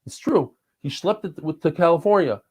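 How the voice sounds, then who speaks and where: A man's voice: fairly high pitch, expressive, brisk, darkish tone, husky. A man in his forties, a podcast guest, telling stories in a rambling, heartfelt way with frequent restarts. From New York and Israel. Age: 40s. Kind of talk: casual conversation.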